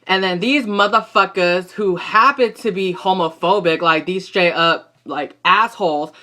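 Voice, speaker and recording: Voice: mid-range voice, measured pace, sharp tone. A young adult recapping a soap opera episode in a casual vlog, talking in a gossipy, slangy and profane way. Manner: gossipy, profane and slangy, talks back at the characters.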